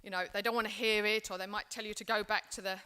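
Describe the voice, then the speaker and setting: A woman's voice: mid-range voice, level tone, fast talker, sharp tone, clean tone. A woman from England presenting a seminar, speaking in an earnest, reflective way with frequent restarts. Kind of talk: seminar talk.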